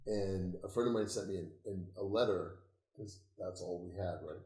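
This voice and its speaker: An older man with a fairly low voice tells stories as an interview guest. He is animated and often laughs, and he swears freely. The room gives his voice a roomy echo. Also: normal speed. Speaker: interview guest, occultist author. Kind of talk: casual storytelling conversation.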